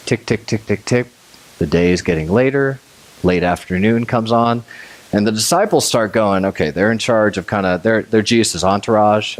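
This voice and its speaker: A man preaching a conversational sermon, telling the story with energy and acting out scenes. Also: on the low side. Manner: animated storytelling, acts out scenes, chuckles. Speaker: pastor.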